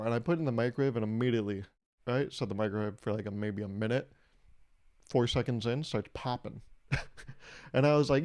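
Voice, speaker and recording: A young man hosting a podcast, telling comedic stories in a casual way and acting out quotes in a raised, animated voice. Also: medium pitch, brisk. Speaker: podcast host.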